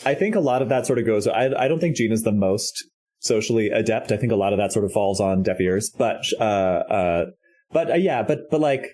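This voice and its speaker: A man's voice: fairly low pitch, animated, fairly quick, a little mellow. A man playing a tabletop role-playing game, talking hesitantly with many restarts. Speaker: player.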